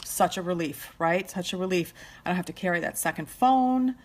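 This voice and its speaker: A woman's voice: fairly low pitch, expressive, fairly quick. Heartfelt woman in emotional live chat. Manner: tearful, heartfelt, often trailing soft. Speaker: vlogger doing makeup. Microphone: phone or webcam live stream.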